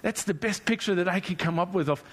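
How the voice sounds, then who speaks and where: A male preacher delivering a relaxed, humorous sermon who often repeats words as he speaks off the cuff. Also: high-pitched, fast, husky. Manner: conversational and humorous, repeats words while searching.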